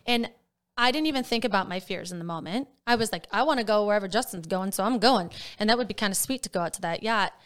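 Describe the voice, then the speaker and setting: A young woman co-hosting a casual podcast, telling stories in an animated way with sudden high jumps. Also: fast, smooth. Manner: animated storyteller, voice jumps high when excited. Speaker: podcast co-host. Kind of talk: casual chat.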